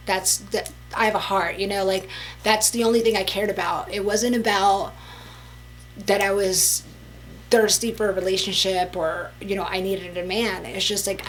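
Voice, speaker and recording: A woman's voice: fairly low pitch, slight background noise, rough recording. A young woman telling a story in a casual vlog, emphatic and chatty, with many fillers.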